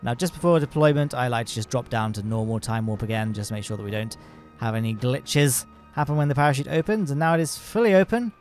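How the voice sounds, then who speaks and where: A man's voice: medium pitch, lively intonation, quick pace, a little mellow, faint music behind. A man in his thirties giving casual, wry let's-play commentary, explaining as he plays. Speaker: gaming YouTuber.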